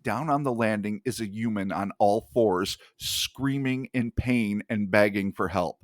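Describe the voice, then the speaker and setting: A male podcast host reading an account aloud in a hushed, measured way, with casual swearing in his asides. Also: lowish voice, dry recording.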